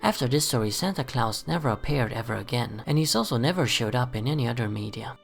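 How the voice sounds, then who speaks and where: A man narrating a scripted video in a steady, measured way, with soft music playing behind him. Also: medium pitch, vocal fry. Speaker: video host.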